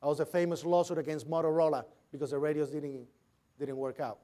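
High-voiced man telling his eyewitness story. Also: little pitch movement, fast, dark tone. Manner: vivid storytelling, imitating sounds and voices. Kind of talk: recounting a personal account.

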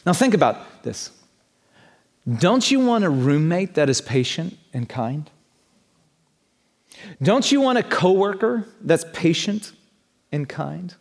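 Slow emphatic preacher in a big hall. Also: male voice, high voice, sing-song, creaky. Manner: emphatic, building repeated questions. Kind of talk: sermon.

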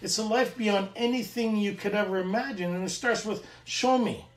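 A middle-aged Canadian man tells his recovery story in an earnest, animated way, acting out both sides of each conversation. His voice sits high for a man. He sounds set back from the mic in an echoey room. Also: a little fast, far from the mic. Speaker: recovery meeting speaker. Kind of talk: sharing a personal recovery story.

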